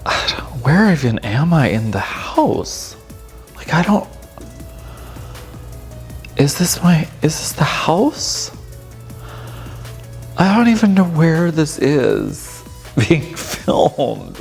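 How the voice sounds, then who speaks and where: A man's voice: medium pitch, sing-song, slow, vocal fry, pauses often. A man in his thirties, a drag performer casually reacting to his old footage, chatty and amused. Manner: chatty, amused, lots of filler "like". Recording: long room reverb with faint music.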